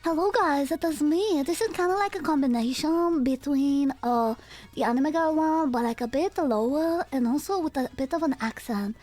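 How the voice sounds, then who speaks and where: A woman voicing a shy, cutesy anime VTuber girl with a soft, sweet put-on voice. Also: sits high, moderate pace, soft background music, lightly acted.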